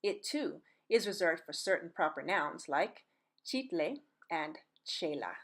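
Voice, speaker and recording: A woman's voice: on the low side, expressive, a little slow, fairly bright tone. A woman teaching a pronunciation lesson in an upbeat, encouraging and playful way, close to the mic. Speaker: Spanish teacher. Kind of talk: video lesson.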